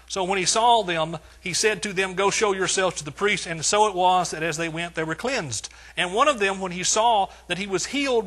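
A man's voice: high voice, expressive, normal speed, a bit bright. A man preaching a sermon as pastor, building points through emphatic repetition.

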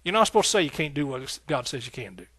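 A man's voice: medium pitch, very animated, fast talker, fairly bright tone, slightly rough, no echo. A man preaching a sermon, fervent and rhythmic, repeating phrases, calling out hallelujah and talking folksily to the congregation. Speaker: pastor.

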